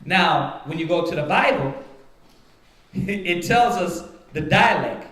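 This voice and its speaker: A man with a high voice leads a Bible study at an unhurried pace. He explains his points step by step and keeps turning to his listeners to make sure they follow. The sound is roomy, with plenty of echo. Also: expressive, a bit bright. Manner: rhetorical, repeatedly checks with "right?". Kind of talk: teaching Bible study to a congregation. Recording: roomy echoing room.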